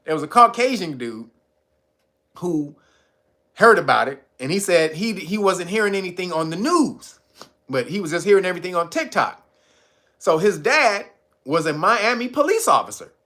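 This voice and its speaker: Animated, bright-voiced man telling a story. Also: sits high, normal speed. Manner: animated, swearing, retelling stories with acted quotes. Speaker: commentator. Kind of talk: casual storytelling commentary.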